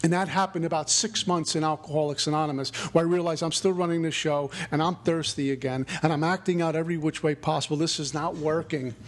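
A middle-aged man giving a spiritual recovery talk, earnest and reflective, with a preacherly lilt. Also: a little high. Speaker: recovery speaker.

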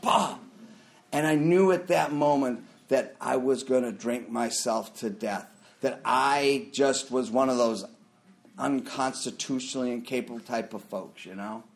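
Middle-aged man, recovery share, lively storyteller, loud bursts when quoting others. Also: medium pitch, unhurried, gravelly. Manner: animated storyteller, jumps into loud acted quotes. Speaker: recovery meeting speaker. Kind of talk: personal story shared at a meeting.

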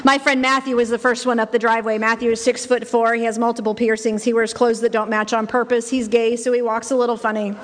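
A middle-aged woman tells her own story to a room, leaning on repeated phrases for weight. Her voice keeps to a narrow, even pitch. Long reverb trails each line, as in a big hall. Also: quick pace, few pauses, slight background noise. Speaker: speaker sharing personal testimony. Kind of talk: spoken personal testimony.

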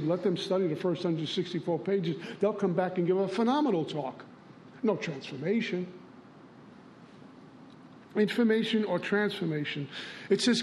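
High-voiced man telling recovery stories. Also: darkish tone, a little hiss or hum. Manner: storytelling, plainspoken, acts out dialogue. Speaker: recovery meeting speaker. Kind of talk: recovery share.

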